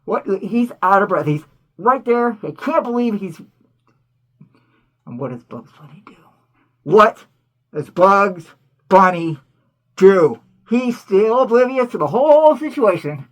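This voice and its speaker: A woman hosting a cartoon commentary, talking in an animated, indignant way full of rhetorical questions. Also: fairly high pitch. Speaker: host.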